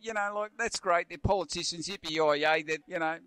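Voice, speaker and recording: A man's voice: high-pitched, normal speed, clear, resonant tone. Blunt ranting Australian man in his fifties. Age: 50s. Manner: forceful ranting, rambling, repeats words, calls everyone mate. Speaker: guest. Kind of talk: blunt opinionated pub chat.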